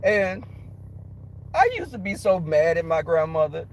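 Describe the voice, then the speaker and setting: High-pitched male streamer with a cold, animated and foul-mouthed storyteller. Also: a little slow, a little hiss or hum, rough recording. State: has a cold. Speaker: livestream host. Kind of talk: casual storytelling.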